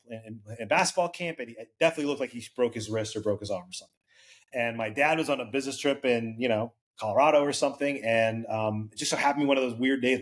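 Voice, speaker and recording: A middle-aged man at a medium pitch, talking as a podcast guest. He rambles through a personal story, leaning on fillers and slipping into the voices of the people he quotes. The delivery is loose and conversational. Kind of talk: casual storytelling.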